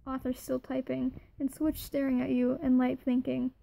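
A woman reading a second-person fan fiction story aloud in a plain, even way. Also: high voice, normal speed, gravelly, slight background noise, low-quality recording.

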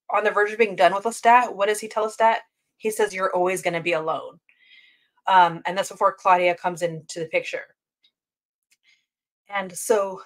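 Chatty woman reviewing a show. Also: mid-range voice. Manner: chatty, rambling with many fillers and self-corrections. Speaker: book and TV review channel host. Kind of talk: casual review chat.

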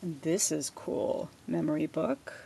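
A woman's voice: deep voice, measured pace, gravelly, mellow. A middle-aged woman unboxing a gift package in a vlog at her home desk, gushing with effusive thanks. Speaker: crafting vlogger. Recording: noisy home recording with paper rustling.

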